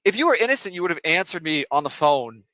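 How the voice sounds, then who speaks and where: A man's voice: fairly high pitch, very animated, quick pace, bright, forceful tone, dry recording. A man in a played clip, accusing and sneering during an argument.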